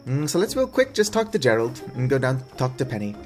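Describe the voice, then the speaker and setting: A man's voice: medium pitch, big pitch swings, fairly quick, faint music behind. A man giving casual let's-play commentary with wry, self-mocking asides as he reads game text aloud. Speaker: gaming video creator.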